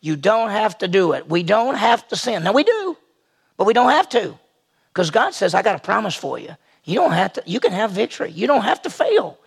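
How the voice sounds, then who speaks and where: High, gravelly-voiced preaching pastor. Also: male voice, fairly quick. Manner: animated, conversational preaching with acted-out quotes. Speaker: senior pastor. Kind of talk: sermon.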